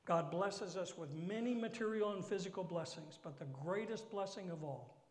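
Man, preacher, sermon, high voice, whispered asides, slow emphatic phrasing, echoey church hall. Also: darkish tone.

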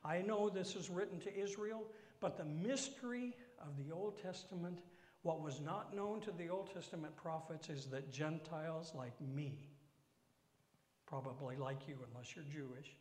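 A man preaching a sermon, with dramatic drops into whispered asides and slow emphatic phrasing. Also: a little high, a little mellow. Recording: echoey hall.

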